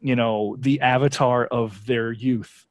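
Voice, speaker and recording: A man's voice: mid-range voice, steady tone, slow. A man co-hosting a podcast in casual chat, opinionated and full of "you know" fillers. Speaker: podcast co-host.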